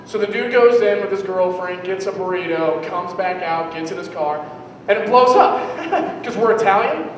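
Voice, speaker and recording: A man's voice: high voice, lively intonation, moderate pace, recorded from a distance, a little hiss or hum. A young man doing a rambling, self-deprecating stand-up routine. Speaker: stand-up comedian. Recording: echoey hall, mic heard from afar.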